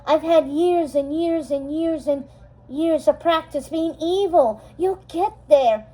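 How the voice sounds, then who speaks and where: A woman's voice: high-pitched, takes it slowly, pitched above the performer's own voice, low-quality recording. A woman reading a storybook aloud, voicing a haughty evil sorceress mother with a sneering, mocking manner. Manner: sneering, mocking, bursts into shouts.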